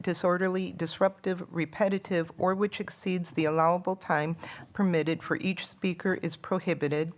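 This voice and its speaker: A woman chairs a school board meeting and reads out the rules for public comment. Her voice sits a little low, and her delivery is formal and procedural.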